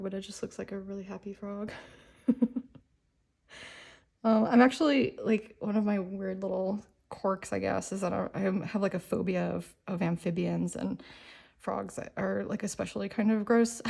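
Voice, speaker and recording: A woman chatting excitedly in a casual vlog about nail art, filling her talk with "like" and "um.". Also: mid-range voice, normal speed, gravelly. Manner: bubbly, enthusiastic, lots of "like" and "um".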